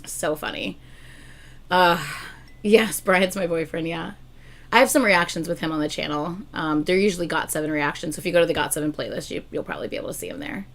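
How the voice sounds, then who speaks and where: A woman's voice: deep voice, fast talker. A young woman hosting a casual livestream, chatting to viewers and telling stories with a lot of laughter. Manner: chatty and animated, bursts into loud laughter. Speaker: livestream host.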